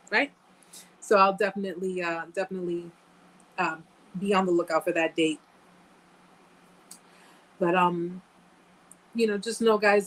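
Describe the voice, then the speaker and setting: On a livestream, a woman talks casually to her viewers, repeats phrases for emphasis, and thanks them by name. Her voice sits on the low side with a fairly bright tone. The recording is low quality.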